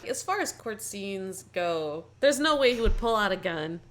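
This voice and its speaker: Young female podcast co-host, animated and giggly, fills her talk with "like", mid pitch. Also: moderate pace, a little hiss or hum. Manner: animated, laughs often, frequent "like" fillers. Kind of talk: casual chat reviewing a movie.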